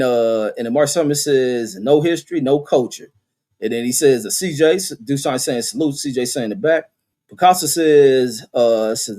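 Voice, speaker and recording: A man's voice: mid-range voice, darkish tone. A man talks loosely on his own livestream. He reads the chat aloud and answers it with profane jokes and bursts of laughter. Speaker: livestream host reading chat. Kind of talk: casual livestream commentary.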